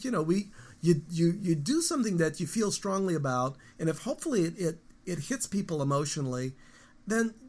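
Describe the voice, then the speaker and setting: A man in his fifties, a guest musician, talking casually in an interview in a rambling, animated storytelling way with frequent restarts. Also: a little high. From United States.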